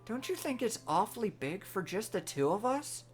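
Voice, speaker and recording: A woman voicing a small, childlike star creature that chants in a high, repetitive voice. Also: sing-song, moderate pace, soft background music, close to an everyday voice. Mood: excited.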